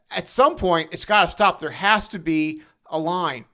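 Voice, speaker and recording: A man co-hosting a podcast talks in rhetorical questions and emphatic lists. His voice sits fairly high for a man. He pushes his points with rising emphasis. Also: unhurried, bright, forceful tone. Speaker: podcast co-host, former governor. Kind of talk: podcast conversation.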